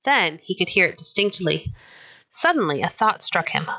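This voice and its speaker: A woman narrating a children's novel chapter aloud in an even, unhurried storytelling manner. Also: lowish voice. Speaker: audiobook narrator.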